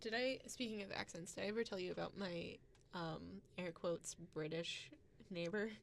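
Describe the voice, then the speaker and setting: A woman's voice: on the low side, normal speed, vocal fry, a little hiss or hum. Giggly woman co-host telling a story. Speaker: podcast co-host. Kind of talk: casual chat.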